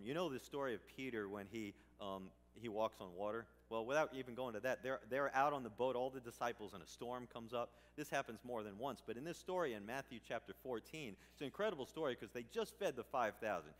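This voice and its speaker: Preaching man in a reverberant sanctuary. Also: mid-range voice. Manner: conversational preaching, rising emphatic bursts. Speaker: pastor. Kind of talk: sermon. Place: church sanctuary. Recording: church hall reverb.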